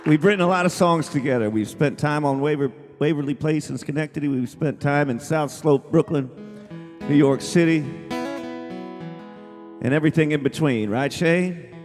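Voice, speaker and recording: A man's voice: on the high side, normal speed, big-room sound. A man, a singer-songwriter, telling a rambling, casual story on stage between songs at a small live music venue, with many restarts.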